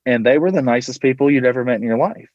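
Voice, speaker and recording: A man's voice: mid-range voice, quick pace, no echo. Casting a Louisville man as a podcast guest, a teacher-coach spinning a loose, rambling anecdote full of fillers. Muffled, dry recording. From Louisville, Kentucky. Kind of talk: casual storytelling.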